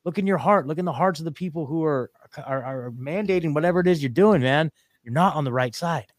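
A man's voice: fairly high pitch, fairly quick, dry recording. Rambling podcast host man, dry sound. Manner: rambling, with many fillers and rants. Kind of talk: casual podcast chat.

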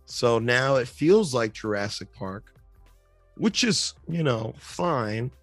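A man's voice: medium pitch, sing-song, takes it slowly, no echo, faint music behind. A man hosting a podcast, giving a casual movie review, rambling and enthusiastic with lots of fillers. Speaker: podcast host.

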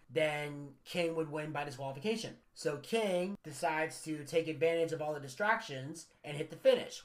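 A man hosting a podcast in casual chat, telling stories with lots of swearing and teasing his co-host. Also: a little high. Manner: profane, storytelling, teasing.

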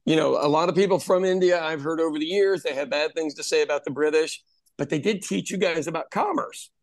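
A man's voice: on the high side, brisk, no room sound. A man around sixty, telling stories in casual, profane chat as a podcast host. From Ireland. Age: about 60. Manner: animated storyteller, swears freely. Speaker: podcast host and pub owner.

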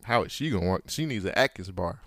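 A man's voice: low-pitched, lively intonation, fast, fairly bright tone, no echo, clean studio sound. A man co-hosting a podcast in casual chat, crude and joking. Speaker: podcast co-host.

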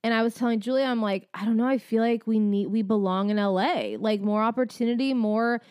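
A young woman co-hosting a podcast in casual chat, upbeat, reacting quickly and giving blunt opinions. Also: on the high side, fairly even intonation, darkish tone, clean tone, dry recording, studio quality. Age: young adult. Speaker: podcast co-host.

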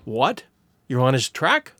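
A man voicing a surly, heavy-set male country innkeeper who speaks gruffly and grudgingly in an audiobook reading. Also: medium pitch, very animated, slow pace, fairly bright tone, dry recording, clean studio sound, pitched below the performer's own voice, heavily acted.

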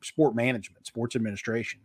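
A man's voice: medium pitch, fairly even intonation, quick pace, darkish tone, slightly rough, dry recording. Middle-aged man with a slight Kentucky twang. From Eastern Kentucky. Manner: practiced broadcaster delivery, long flowing answers. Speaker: guest, author and marketer. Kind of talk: casual interview.

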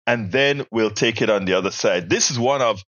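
A man's voice: lowish voice, brisk, a bit bright, no echo. A man hosting a podcast, introducing a clip in loose conversational commentary with fillers. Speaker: podcast host. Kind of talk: casual commentary.

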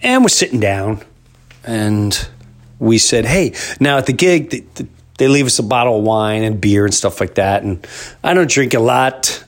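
A man in his fifties hosting a podcast, telling a rambling story in a casual monologue that jumps into loud disbelief. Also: lowish voice, expressive, moderate pace. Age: 50s. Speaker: podcast host.

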